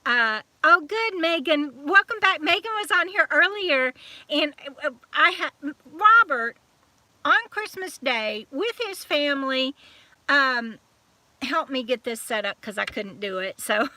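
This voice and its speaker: A woman's voice: high-pitched, lively intonation, a little slow, pushed and bright, no echo. A woman with a Southern US accent hosting a live-stream chat, talking in a chatty, scattered way as she greets viewers one by one. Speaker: YouTube channel host.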